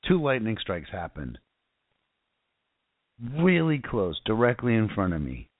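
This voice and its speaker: A man's voice: on the low side, wildly swooping pitch, measured pace, no echo. A man preaching an informal, fervent sermon that rambles, with frequent restarts and repeated phrases. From South Florida. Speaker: internet radio preacher. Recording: tinny phone-line sound.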